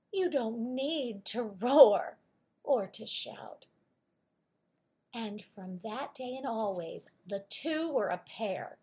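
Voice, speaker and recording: A woman reading a rhyming children's picture book aloud with an expressive, sing-song delivery. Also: a little high, breathy edge. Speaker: storyteller. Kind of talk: children's storybook read-aloud.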